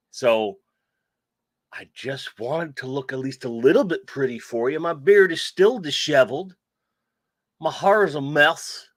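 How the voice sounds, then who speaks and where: A man hosts a casual livestream, joking, cursing and answering chat comments. His voice sits fairly high and swings widely in pitch. The sound is close and dry, with no room echo. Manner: joking, profane, animated banter. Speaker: toy collecting livestream host.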